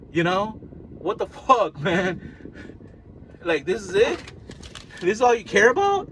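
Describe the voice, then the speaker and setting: A man in his thirties rambles through a personal vlog in a fairly high voice, venting, stumbling over his words and apologizing. He talks slowly and unhurriedly. A steady noisy hum sits behind him. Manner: halting, repetitive, venting and apologetic. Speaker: vlogger.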